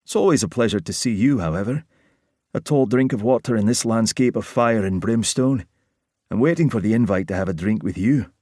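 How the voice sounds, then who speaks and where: A man's voice: lowish voice, brisk, warm tone, dry recording, close to an everyday voice. A man with a Scottish accent voicing a suave, flirtatious middle-aged fire investigator with a dry, teasing manner.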